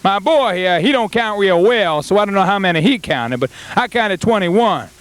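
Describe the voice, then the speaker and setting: A man's voice: high-pitched, animated, moderate pace, no echo. A man playing a boastful rural farmer in a comedy sketch, rambling and stumbling over his words. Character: boastful rural male farmer, middle-aged, folksy.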